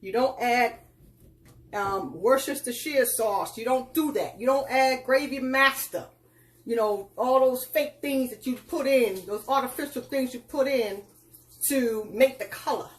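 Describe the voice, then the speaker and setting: A woman with a slightly high voice walks viewers through a live cooking lesson. She gives folksy, instructive directions and calls her audience child and girl. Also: a little slow. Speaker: cooking tutorial host. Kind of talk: casual live cooking demonstration.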